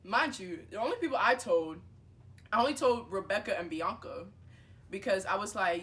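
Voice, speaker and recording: A young woman spins a casual storytime for her viewers, heavy with fillers. She keeps jumping into little acted-out exchanges and talks with lively energy. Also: medium pitch, brisk. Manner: animated, filler-heavy, acts out dialogue. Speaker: vlogger.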